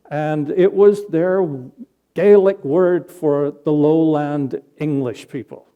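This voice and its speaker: A male pastor giving a sermon in a church, telling a story in a conversational way with pauses. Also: a little high, dark tone, clean tone. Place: church sanctuary.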